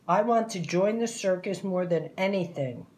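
A woman's voice: on the low side, moderate pace, close to an everyday voice. A woman voicing an eager, clumsy young female cow in a read-aloud picture book, lifting her voice and crying out in alarm. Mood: hopeful. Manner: hopeful, excitable, cries out loudly.

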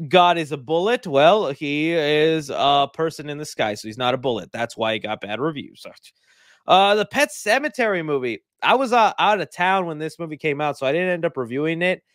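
A male movie reviewer reacting casually to lists in a rambling, animated way with jokey asides. His voice sits a little high. The recording is dry and close. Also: moderate pace, no echo.

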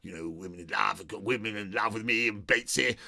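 A man's voice: on the low side, a little fast, pushed and bright, no room sound, studio quality. A man imitating a blustering, hard-drinking older film star who bullies and brags. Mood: boastful. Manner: boastful, scornful and domineering.

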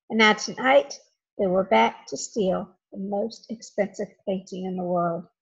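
A woman reading a children's chapter book aloud in an expressive, dramatic way. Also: on the high side, breathy edge. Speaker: storybook reader. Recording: dull lo-fi home recording.

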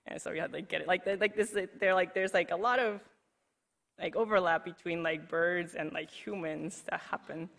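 A woman's voice: fairly low pitch, normal speed, vocal fry, fairly bright tone. A woman giving a conference presentation in a chatty, casual way, filling her sentences with "like" and laughing easily. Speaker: conference speaker. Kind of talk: recorded presentation talk.

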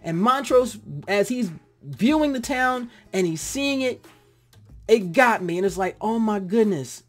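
A lively reviewer chats through a TV episode, voice rising and falling as they act out their own reactions. They drift now and then into heartfelt side remarks. Faint music plays softly behind them. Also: medium pitch, measured pace. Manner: animated, acts out own reactions. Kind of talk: casual spoken review.

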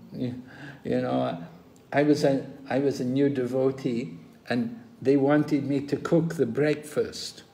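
Slow-speaking older man teaching scripture. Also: mid-range voice. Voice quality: slow, animated storytelling, acting out quoted dialogue. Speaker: spiritual teacher. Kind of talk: scripture class lecture. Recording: roomy echo, faint ambient noise.

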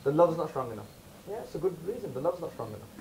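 Animated man lecturing a camp audience. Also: fairly high pitch, very fast, rough recording. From United Kingdom. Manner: animated, mixes Punjabi into English, asks the audience questions.

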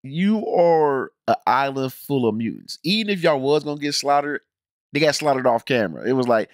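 A man hosting a casual reaction review, ranting in an animated, emphatic, slangy way with many restarts. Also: mid-range voice, normal speed, no echo, clean studio sound. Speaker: reaction channel host.

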